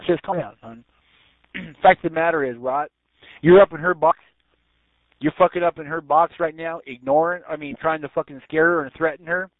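A man with a fairly high voice crudely mocks someone in a voice chat. The sound is dry and phone-thin. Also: moderate pace, no echo. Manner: mocking, crude. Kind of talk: heated voice chat rant. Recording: tinny phone-like voice chat audio.

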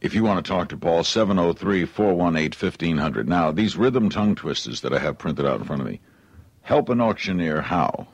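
A man hosting a call-in radio show, with a fairly low voice. He asks his guest questions and plays along in a lighthearted way. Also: lively intonation, moderate pace, husky, dry recording. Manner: playful, gamely tries tongue twisters. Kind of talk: radio interview.

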